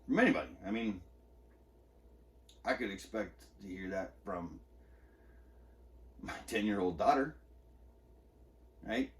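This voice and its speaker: A man's voice: lowish voice, slow, pauses often, recorded from a distance. A man hosting a podcast, telling a personal story of an argument in a candid, agitated, profane way. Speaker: podcast host. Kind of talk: personal monologue.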